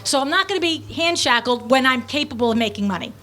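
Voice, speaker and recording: A middle-aged woman who hosts a podcast and runs a business tells a story casually and with lots of animation. Her voice is high, and she's blunt and breezy, tossing in quick asides along the way.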